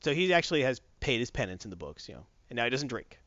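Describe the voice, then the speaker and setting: A man casually recapping a story in an animated, rambling way, correcting himself as he goes. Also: medium pitch, fast talker, no echo, dull audio.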